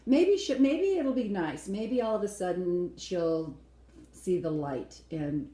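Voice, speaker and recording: A woman's voice: on the low side, expressive, slow pace, warm tone, roomy sound, rough recording. A woman co-hosting a casual dance-show review, blunt and opinionated, acting out quotes as she talks.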